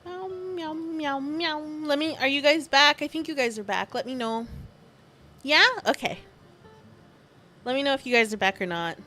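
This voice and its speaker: A woman's voice: high voice, normal speed, long pauses, bright, forceful tone, soft background music. A young woman streamer chatting casually with her viewers, rambling and gushing as she tells a story, often giggling. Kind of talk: casual livestream chat.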